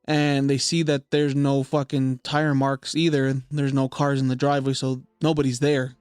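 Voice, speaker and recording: A man's voice: mid-range voice, level tone, moderate pace, a little mellow, smooth, no echo, studio quality. A young man hosting a podcast, casually retelling a spooky story with lots of fillers and swearing. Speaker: podcast host.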